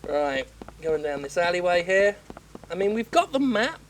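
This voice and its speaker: A woman's voice: on the low side, very animated, moderate pace, slight background noise, poor audio. A woman game critic giving sarcastic, profane commentary while playing. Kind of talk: sarcastic let's-play commentary.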